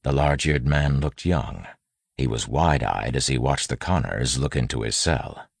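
A man reading an audiobook narration in a measured way. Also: very deep voice, creaky, breathy edge, no echo.

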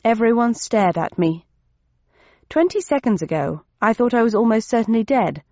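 A woman narrating a first-person novel in a wry, measured storytelling manner. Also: fairly high pitch, expressive, a little mellow, no room sound, highs cut off. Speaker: audiobook narrator.

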